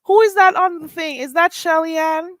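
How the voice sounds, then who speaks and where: A woman's voice: very high-pitched, moderate pace, dry recording. A woman with a Jamaican accent hosting a casual livestream, reading chat comments aloud and exclaiming. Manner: animated, laughing, exclaiming at chat. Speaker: livestream host.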